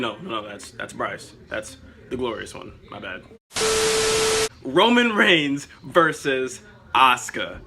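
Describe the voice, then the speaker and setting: An excitable young man chats loosely and swears freely as he rambles through his ideas. His voice is very bright and sits at a middle pitch. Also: breathy edge. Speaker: wrestling vlogger. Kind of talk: casual chat.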